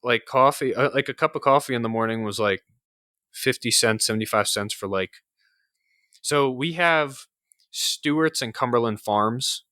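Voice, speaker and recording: A man's voice: medium pitch, normal speed, sharp tone, dry recording, clean studio sound. A young man with an upstate New York accent, chatting casually on a podcast, swearing often and filling with "like". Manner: casual, swears a lot, many fillers. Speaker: podcast co-host. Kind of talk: casual chat.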